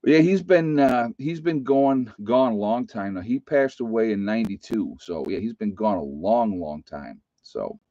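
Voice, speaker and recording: A man's voice: lowish voice, unhurried, hardly any pauses, warm tone, dry recording, dull audio. A middle-aged man telling a personal story to his viewers in a loose, rambling way, often restarting his sentences. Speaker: vlogger. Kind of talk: casual storytelling to camera.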